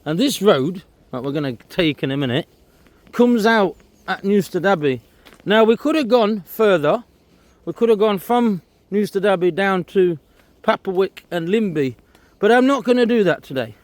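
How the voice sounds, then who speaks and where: A man's voice: sits high, lively intonation, normal speed, dry recording. Chatty man on a countryside walk. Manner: chatty, pointing things out while walking outdoors. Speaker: walking vlogger. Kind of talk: casual walking commentary to camera. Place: outdoors on a disused railway trail.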